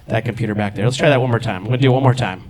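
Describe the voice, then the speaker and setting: A man's voice: mid-range voice, very fast, over a noisy crowd. A young man doing playful stand-up, chatting with the audience on a handheld mic in a comedy club. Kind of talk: musical stand-up with crowd work. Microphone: handheld stage mic.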